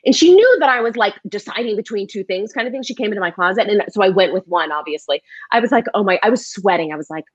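A woman's voice: medium pitch, expressive, fast, few pauses, dry recording, muffled recording. A woman in her thirties hosting a casual podcast chat, telling stories about her kids with frequent laughter. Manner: laughs often, chatty storytelling. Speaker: podcast host.

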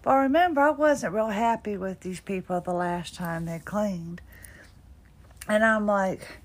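A woman's voice: mid-range voice, slow. A middle-aged woman talking casually about her day, tired and a bit drowsy, rambling with little self-deprecating laughs. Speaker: podcast host. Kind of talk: casual personal monologue.

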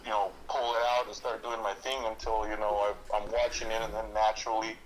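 A man's voice: on the low side, flat delivery, fairly quick. A man in casual podcast chat, telling an embarrassing story, swearing freely and laughing a lot. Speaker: podcast guest. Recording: noisy podcast recording.

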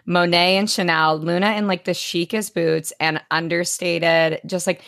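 A young woman talks through a TV recap as a podcast co-host, gushing and rambling with constant fillers. Her voice sits low for a woman. The sound is dry and close. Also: steady tone, measured pace, fairly bright tone, no echo. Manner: gushing, filler-heavy with lots of likes and ums. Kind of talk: casual recap chat.

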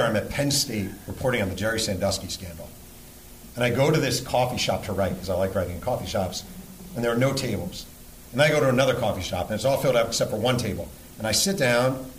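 A man's voice: mid-range voice, animated, fast talker, roomy sound, a little hiss or hum, rough recording. A man from New York hosting a podcast, telling an earnest, emotional story before a live audience, with blunt swearing. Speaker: podcast host and sportswriter.

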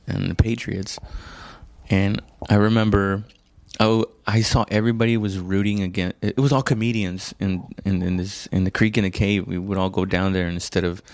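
Rambling, profane man telling a story. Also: no echo. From immigrant to the United States. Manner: rambling, profane, self-mocking, acts out quotes in a high voice. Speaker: comedian. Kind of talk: casual storytelling stand-up.

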